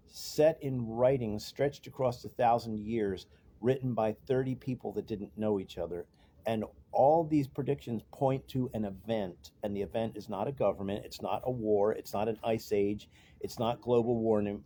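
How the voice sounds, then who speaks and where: A man preaching in a loose, conversational way, wandering through asides and self-corrections. His voice sits low and mellow, with a husky edge. He speaks at an unhurried, drawn-out pace. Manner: rambling, conversational, with asides and restarts. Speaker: street preacher. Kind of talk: informal sermon talk. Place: cafe and bookstore.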